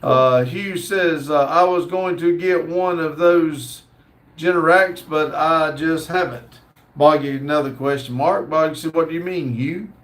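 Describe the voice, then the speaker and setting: A man hosting a casual livestream, reading viewer comments out loud in a slow, halting way with lots of fillers. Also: fairly high pitch. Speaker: livestream host.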